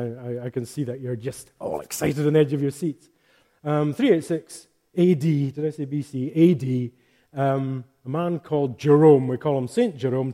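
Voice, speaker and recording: A man's voice: a little high, warm tone. A man preaching a sermon in a chatty, joking way, reading scripture aloud with strong emphasis. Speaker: pastor.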